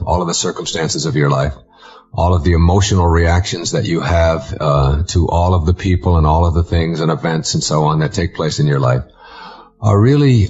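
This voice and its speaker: A middle-aged man explaining a point in a measured, earnest way, pausing on small fillers. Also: sits low, a little mellow. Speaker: motivational speaker. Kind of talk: explanatory talk. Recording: dull lo-fi recording.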